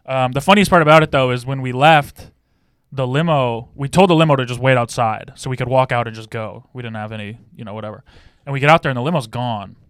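A man's voice: medium pitch, fast talker, a bit bright, smooth, no room sound, studio quality. A young man co-hosting a podcast, telling long stories in a laid-back casual way with some swearing. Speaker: podcast co-host. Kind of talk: casual chat.

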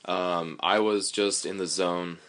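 Low-voiced man, measured and hesitant. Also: steady tone, a bit bright. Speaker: rope and safety handler. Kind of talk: casual group chat.

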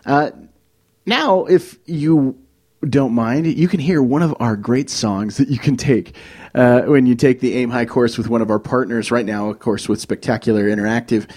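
A man hosting a casual podcast, relaxed and filled with ums while plugging a course. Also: medium pitch. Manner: relaxed, filler-heavy, laughs along. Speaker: podcast host. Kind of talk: casual chat and promo read.

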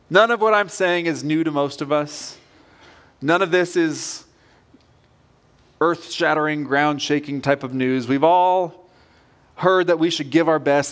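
A man's voice: a little high, fairly bright tone. A man preaching a sermon as pastor, earnest and direct in a conversational way.

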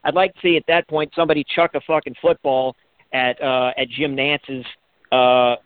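A man's voice: a little high, fairly even intonation, brisk, no echo. A man co-hosting a sports radio show, rambling and restarting his sentences, swearing casually. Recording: tinny phone-like sound.

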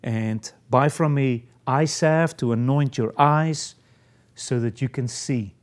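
Lively, expressive male preacher. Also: mid-range voice. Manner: reads scripture aloud then explains it, dynamic delivery. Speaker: pastor. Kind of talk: sermon.

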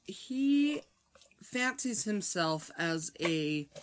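A woman from the Midwest, co-hosting a podcast and telling a story in a dry, unhurried way. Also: medium pitch, very animated, slight background noise. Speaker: podcast co-host. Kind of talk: casual chat.

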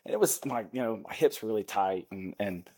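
A middle-aged man, a former pro football lineman, guesting on a podcast and telling rambling, animated anecdotes with acted-out dialogue. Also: lowish voice, brisk. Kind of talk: casual storytelling chat.

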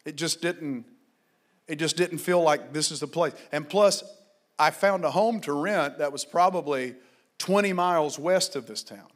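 High-voiced fervent male preacher. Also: unhurried. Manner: fervent, rising to shouted exhortations, then quiet storytelling. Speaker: pastor. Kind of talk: sermon.

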